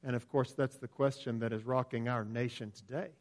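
A man's voice: mid-range voice, fairly even intonation, a little fast. A man preaching a sermon in an earnest, emphatic way.

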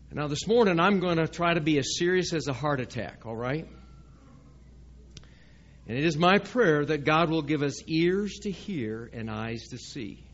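A man's voice: fairly high pitch, muffled recording. A man preaching a sermon to his congregation in a church, speaking conversationally and often asking the listeners questions. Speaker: pastor. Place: church sanctuary.

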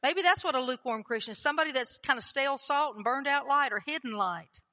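A woman's voice: high voice, quick pace, bright, forceful tone. A woman preaching a sermon in a chatty, conversational way, often putting questions to the congregation. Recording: long hall reverb.

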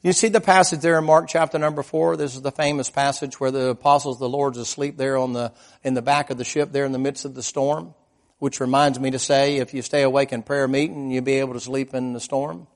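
A male preacher with a mid-range voice delivers a sermon as a folksy storyteller. He keeps asking the congregation questions and paints scenes in vivid detail. His delivery rises to loud emphasis and then drops to hushed asides. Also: little pitch movement, fairly quick. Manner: swings between loud emphatic lines and low quiet asides.

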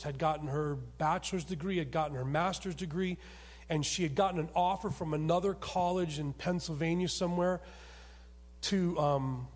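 A man preaching a sermon as pastor, telling a story with emphatic rises and sudden soft drops. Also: on the high side. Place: church sanctuary. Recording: long hall reverb.

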